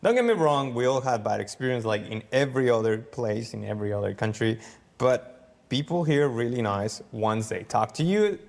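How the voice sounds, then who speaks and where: A man in a relaxed conversation, lively and animated, slipping into little voices as he acts out quoted dialogue. His mid-pitched voice carries a long reverb tail from the room around him. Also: fairly quick, gravelly. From United States. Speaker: foreign resident interviewed in a clip. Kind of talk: casual conversation.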